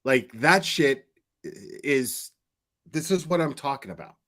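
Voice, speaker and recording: A man's voice: mid-range voice, animated, a little slow, bright, forceful tone. A man giving angry reaction commentary, swearing often and stumbling over his words when he gets worked up. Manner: heated, profane, stammering when worked up. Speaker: commentary streamer.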